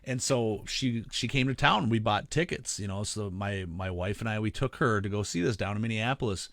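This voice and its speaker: A man's voice: on the low side, fairly quick, creaky, a bit bright, no room sound. A man in his thirties co-hosting a podcast, rambling casually with lots of fillers, restarts and swearing. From Midwestern United States. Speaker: podcast co-host.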